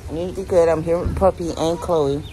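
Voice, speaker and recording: A woman's voice: fairly low pitch, fairly even intonation, a little fast, warm tone, a little hiss or hum. A middle-aged woman chatting casually to her vlog camera and venting candidly about her morning. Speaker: vlogger.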